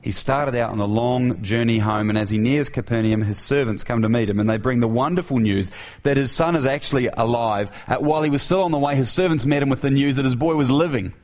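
A man's voice: mid-range voice, brisk, a little mellow. A man preaching an earnest sermon who asks his listeners rhetorical questions, in a dull, lo-fi recording.

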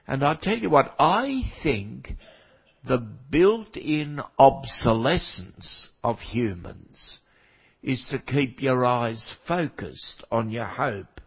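An older man delivers a sermon at an unhurried, deliberate pace, his voice husky and a little worn by a cold. He chats with the congregation rather than orating and drops in wry asides. The recording sounds dull and lo-fi. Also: mid-range voice, expressive. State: has a cold, coughing now and then. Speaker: preacher.

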